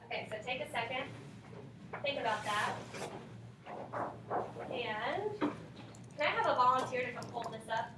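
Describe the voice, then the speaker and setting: A woman's voice: fairly high pitch, measured pace, pauses often, heavy background noise. A woman teaching a class, reading and questioning her students, prompting them for answers. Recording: echoey classroom from far off.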